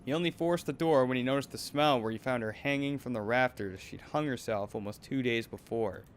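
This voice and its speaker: A man hosting a let's play, reading game text aloud calmly while he plays. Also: medium pitch, a little fast, a little hiss or hum.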